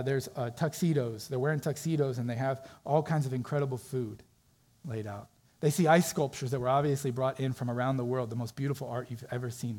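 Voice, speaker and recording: A man preaching a sermon in a dark, mellow voice with a husky edge. He tells a story in a conversational way, slipping into the voices of its characters as he goes. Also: mid-range voice.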